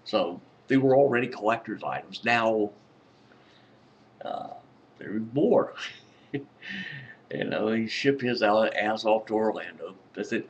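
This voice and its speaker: A man's voice: fairly low pitch, expressive, slow pace, long pauses, a little hiss or hum. A tired man rambling in a casual late-night vlog, laughing often and swearing freely. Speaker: vlogger.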